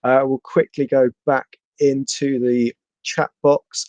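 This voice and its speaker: Jokey Bristol-accented podcast host. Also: male voice, medium pitch, little pitch movement, takes it slowly, darkish tone, no echo. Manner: jokey, reads out viewer donations. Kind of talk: live football podcast chat.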